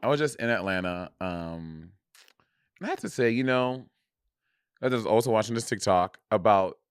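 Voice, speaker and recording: A man's voice: fairly low pitch, expressive, normal speed, clean tone, no room sound, studio quality. A man co-hosting a casual podcast over a video call, talking loosely and swearing freely. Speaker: podcast co-host. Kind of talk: casual chat.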